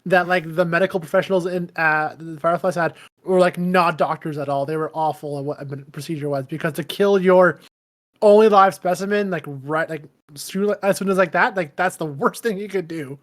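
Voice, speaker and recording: Young guy with a high voice, opinionated podcast co-host. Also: fairly even intonation, a little fast. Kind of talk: casual chat.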